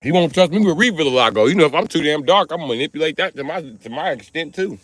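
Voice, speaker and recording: Man, crude comedic monologue, lively swinging pitch, bright forceful tone, livestream host. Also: fast talker, no echo. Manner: animated, jumps into high put-on voices for quotes.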